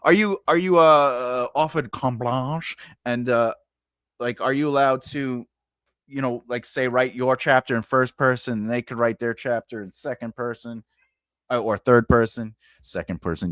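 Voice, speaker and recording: A man's voice: medium pitch, steady tone, moderate pace, a bit bright, clear, resonant tone, dry recording, clean studio sound. A man hosting a casual live writing class, talking loosely with lots of fillers and puns, laughing often. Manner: punning, loose, full of "like" and "you know". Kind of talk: casual live-streamed lesson, reading chat comments.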